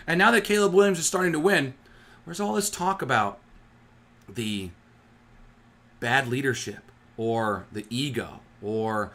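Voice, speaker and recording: Hosting a sports fan channel, a man rants heatedly and sarcastically, often tripping over his words and restarting. His voice is a little high with a fairly bright tone.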